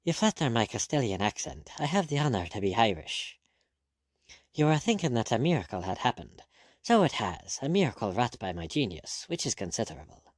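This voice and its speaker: A man's voice: medium pitch, very animated, a little fast, dry recording, natural voice. A man voicing a sardonic, witty male pirate captain with dry, ironic courtesy, in an audiobook reading. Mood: mocking.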